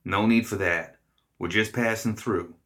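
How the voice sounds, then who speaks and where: A man as a calm, placating mercenary. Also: on the low side, unhurried. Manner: placating, easygoing. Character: calm male mercenary leader.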